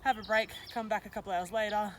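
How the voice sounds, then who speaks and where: A woman dog trainer who calmly explains a trick, then praises her dog in a high sing-song voice. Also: fast, a little hiss or hum. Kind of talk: casual training demonstration. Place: outdoors or open training space with a dog.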